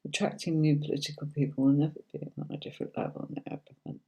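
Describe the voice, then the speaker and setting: A woman's voice: low voice, flat delivery, fast, mellow. A middle-aged woman giving casual tarot readings on a livestream. She chats to viewers, reads out their comments and answers them by name, often calling them darling or sweetie. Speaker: tarot reader hosting a livestream.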